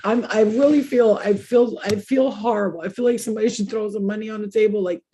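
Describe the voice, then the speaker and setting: A woman's voice: medium pitch, fast, mellow, slight background noise. A young adult woman chatting casually as host, telling candid, crude stories and laughing often. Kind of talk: casual chat.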